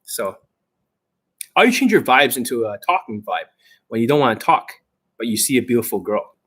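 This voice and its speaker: Man, dating coach host, husky voice, blunt, cursing, aggressive Q&A. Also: mid-range voice, sing-song, normal speed, a bit bright. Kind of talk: unscripted coaching Q&A.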